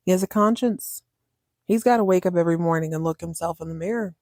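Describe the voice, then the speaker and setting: A woman chatting casually as a podcast host, animated and acting out lines in different voices. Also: on the low side, fast talker, no echo, clean studio sound. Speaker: podcast host recapping a TV drama. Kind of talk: casual chat.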